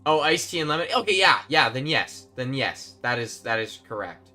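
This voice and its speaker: A man's voice: mid-range voice, very animated, normal speed, pushed and bright, soft background music. A man live-streaming a game, chatting casually and rambling to his viewers while he plays. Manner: chatty, rambling, talks to chat while playing.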